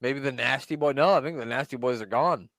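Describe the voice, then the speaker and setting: A man's voice: mid-range voice, fairly quick, fairly bright tone, no echo. A man co-hosting a casual wrestling podcast, talking loosely, swearing freely and trailing off mid-thought. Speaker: podcast co-host. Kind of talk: casual chat.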